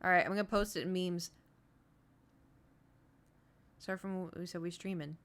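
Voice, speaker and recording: A woman's voice: lowish voice, fairly even intonation, normal speed, fairly bright tone. A woman streaming live, chatting casually and rambling straight to her viewers.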